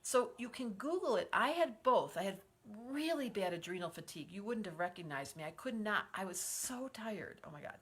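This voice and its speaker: A woman's voice: medium pitch, expressive, normal speed, hardly any pauses, slightly rough. A woman in her sixties hosting a live stream as an astrologer. She is effusive and encouraging, reads viewer comments aloud and leads group breathing. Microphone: livestream setup.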